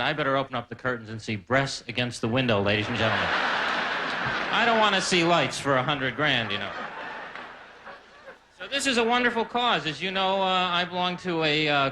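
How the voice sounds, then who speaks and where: On a live stage before a laughing audience, a man performs a rambling, self-deprecating stand-up set packed with asides. His voice is on the high side, bright and forceful, and the live recording is noisy.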